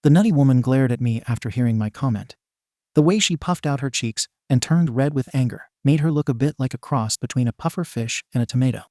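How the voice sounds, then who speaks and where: Brief: male story narrator, steady and even, dark relaxed tone. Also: medium pitch, fast talker, no echo, clean studio sound. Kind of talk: reading fan fiction aloud.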